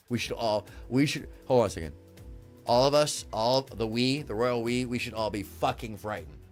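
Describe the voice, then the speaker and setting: A man hosting a livestream, ranting at his chat in a profane, sarcastic, indignant way. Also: mid-range voice. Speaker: livestream host. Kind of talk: heated livestream rant at chat.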